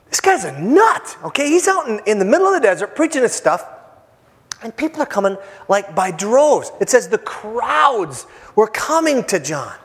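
A male pastor delivers a sermon with a high voice that swings widely in pitch. He talks in a loose, joking way, stumbling through fillers and restarts. His voice rings out through a church hall with a long reverb. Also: very animated, normal speed. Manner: casual, joking preacher with many fillers and restarts.

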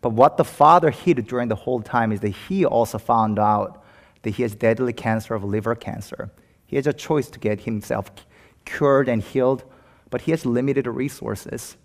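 A man's voice: medium pitch, normal speed. A man preaching a sermon as pastor, speaking with rising passion and emphatic peaks. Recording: long hall reverb.

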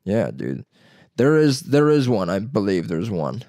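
A young man in casual, joking chat with a friend, swearing and putting on quick voices. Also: fairly low pitch, no room sound, clean studio sound. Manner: swearing, joking, animated impressions.

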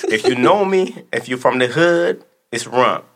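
A man's voice: mid-range voice, animated, measured pace, fairly bright tone, slight background noise. A middle-aged man chatting as a podcast guest, playful and slangy. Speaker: guest, host's father. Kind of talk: casual chat.

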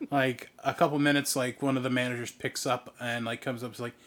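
A man's voice: medium pitch, little pitch movement, a little fast. A man narrating a tabletop game as game master in loose, casual speech. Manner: loose, filler-heavy narration.

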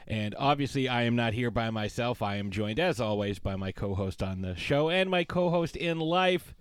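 A man hosting a podcast, rattling off jokes and playful introductions at a quick clip. The recording is close and dry, with no room sound. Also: mid-range voice, lively intonation, clear, resonant tone, dry recording. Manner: fast, joking, theatrical. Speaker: podcast host. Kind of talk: casual podcast chat.

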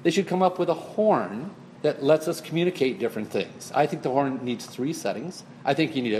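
A man's voice: medium pitch, fast, hardly any pauses, slight background noise. A man casually telling a funny story to a group, acting out the lines he says. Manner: animated, acts out exclamations. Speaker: person pitching an idea to a group.

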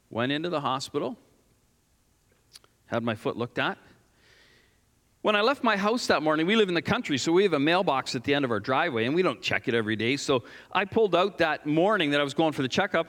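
A man preaching a sermon as a pastor, telling a personal story in an earnest, animated way. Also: fairly high pitch. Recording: long hall reverb.

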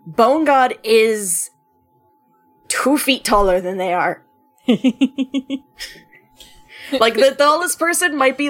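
A woman player at a tabletop game talking in a slow, slightly high voice. She is playful and emphatic, and stresses her points, while faint music runs in the background. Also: a bit bright. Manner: playful, emphatic, laughs often. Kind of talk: casual chat.

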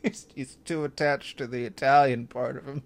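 A young man hosting a comedy podcast, riffing quickly with jokes and swearing. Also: mid-range voice, fairly even intonation. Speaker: podcast host. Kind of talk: casual comedy podcast chat.

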